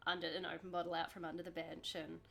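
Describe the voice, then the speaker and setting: A woman's voice: fairly low pitch, level tone, fast talker, gravelly, a bit bright, slight background noise. A woman game master narrating a tabletop game in a descriptive, meandering way with many fillers.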